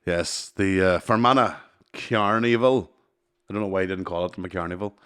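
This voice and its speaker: A man's voice: deep voice, normal speed, fairly bright tone, clean tone. A man with a Northern Irish accent co-hosting a comedy podcast, answering in a dry, laid-back way and swearing casually. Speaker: podcast co-host.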